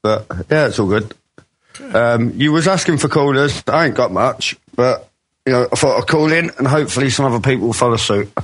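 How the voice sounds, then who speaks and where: A man's voice: mid-range voice, brisk, low-quality recording. A tired British man calling in to a casual internet radio show, talking in a laid-back, mumbling way after a heavy weekend of drinking. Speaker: caller. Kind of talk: casual chat on a call-in show.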